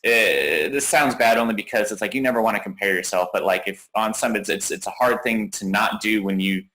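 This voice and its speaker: A man in his thirties with a low but bright, forceful voice tells a coach about his progress. He rambles, restarts his sentences and fills the gaps with ums and likes. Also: a little fast, poor audio. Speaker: coaching client. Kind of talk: casual interview.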